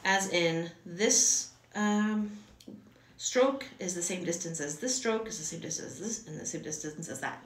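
In a home room with echo, a hand-lettering teacher speaks off-mic, her fairly low voice a little slow and caught by a distant mic. The lesson is casual and chatty, wandering along with many fillers and restarts.

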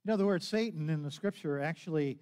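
A man's voice: on the high side, fast talker, a little mellow. A man preaching a sermon as pastor, telling a story conversationally, with frequent restarts and acted-out quotes.

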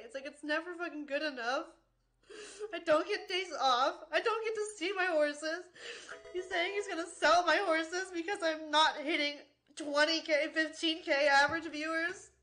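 A woman's voice: high-pitched, normal speed, pushed and bright. A woman streamer in an angry livestream rant, swearing constantly and sounding exasperated and worn out.

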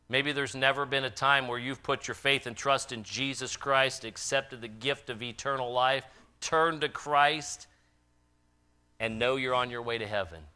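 A man preaching a sermon in a church, swinging from loud impassioned calls to quiet, earnest appeals. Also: medium pitch, clear, resonant tone. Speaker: pastor. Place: church sanctuary.

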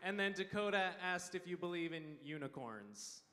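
A man's voice: high voice, very animated, moderate pace, bright, forceful tone, a little hiss or hum. A man moderating a school chapel Q&A, playfully reading out questions from others. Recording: reverberant chapel hall.

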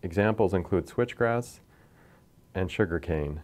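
A man lecturing from slides in a measured, explanatory way, pointing to figures as he goes. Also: low voice, darkish tone. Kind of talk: scripted science lecture over slides.

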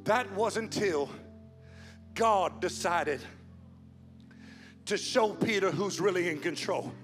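A man preaching a sermon as pastor, swinging from hushed, slow lines to loud, fast build-ups. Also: high voice. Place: church sanctuary. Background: soft music.

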